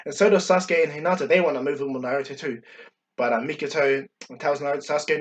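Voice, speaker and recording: A man's voice: fairly high pitch, fairly even intonation, fast talker, distant mic, muffled recording. A man casually retelling a fan-made story, rambling with many fillers and restarts.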